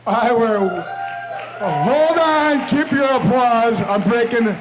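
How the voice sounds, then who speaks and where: A man's voice: very high voice, animated, takes it slowly, noisy background. A man giving a brash, rambling roast toast at a club party, laughing between his jokes. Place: banquet room with guests. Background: crowd laughing.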